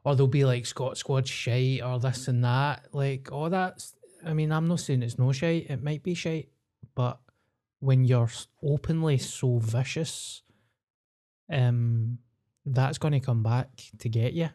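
Blunt, sweary Scottish comedian host. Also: male voice, medium pitch, steady tone, measured pace, warm tone. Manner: blunt, sweary, laughs easily. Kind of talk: casual podcast chat.

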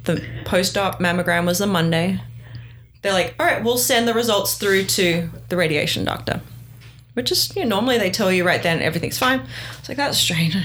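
A middle-aged woman chats casually, telling a story with lively energy. She acts out what other people said as she goes. A little faint noise sits behind her voice. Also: mid-range voice, brisk. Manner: animated, acts out quoted dialogue. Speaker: guest sharing her story.

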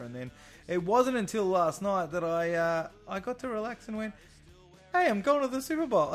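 An Australian man yells his way through sports banter, loud, sweary and rowdy. His voice sits high and swings wildly in pitch. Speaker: podcast co-host.

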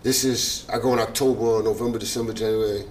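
Fast-talking New man telling stories. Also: a little hiss or hum. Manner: animated storyteller, acts out quoted voices with big pitch jumps. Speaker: guest, former basketball player. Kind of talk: casual storytelling interview.

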